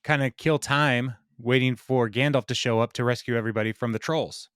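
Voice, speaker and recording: A man's voice: mid-range voice, fairly even intonation, a little fast, a bit bright, no room sound. Podcast co-host, male, casual rambling banter, dry close-mic sound. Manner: rambling, joking, trails off mid-thought. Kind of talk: casual book chat.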